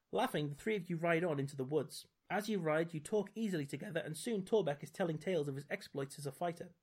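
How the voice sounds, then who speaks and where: A man's voice: on the high side, fast, few pauses, a little mellow, husky. A man reading a gamebook aloud as podcast host, dropping dry, wry asides. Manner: dry, wry commentary between read passages.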